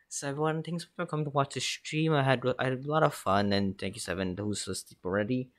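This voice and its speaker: A man's voice: lowish voice, fairly bright tone. A man streaming a horror game, chatting in a rambling, self-deprecating, joking way as he wraps up. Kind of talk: casual livestream chat.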